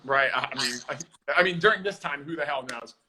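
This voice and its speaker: An easygoing man rambles as a guest on a live video call, often stopping to restart. His voice is bright and pitched a touch high for a man, with faint hiss behind it. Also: a little fast. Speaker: guest, drummer. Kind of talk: casual video-call chat.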